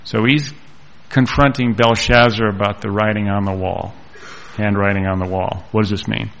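A man preaching a sermon and reading scripture aloud, with slow, deliberate delivery and pauses. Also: lowish voice, steady tone, vocal fry, a bit bright, rough recording.

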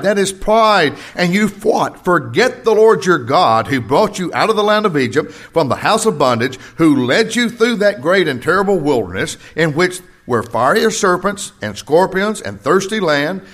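An older man preaching a sermon to his congregation, swinging between rising emphasis and quiet personal stories. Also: fairly high pitch. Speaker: pastor.

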